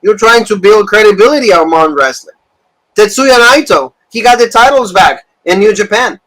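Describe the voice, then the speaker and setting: A man co-hosting a casual wrestling review show, talking in animated rants full of fillers and repeated phrases. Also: sits high, moderate pace, rough recording. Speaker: podcast co-host.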